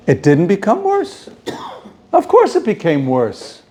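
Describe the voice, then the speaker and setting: A man teaching a Torah class as a rabbi, animated and rhetorical, asking questions and repeating phrases for emphasis. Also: sits high, takes it slowly, husky. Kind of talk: Torah lecture to students.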